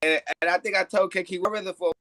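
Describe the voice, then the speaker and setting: A man's voice: sits high, steady tone, quick pace, bright, forceful tone, no echo. A man in casual conversation, rambling and restarting, with coarse slang. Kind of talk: casual chat.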